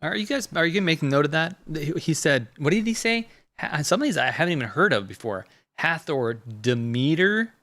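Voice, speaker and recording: A man hosting a live stream, talking fast and rambling with many restarts as he comments on a clip. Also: on the high side, lively intonation, sharp tone. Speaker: host.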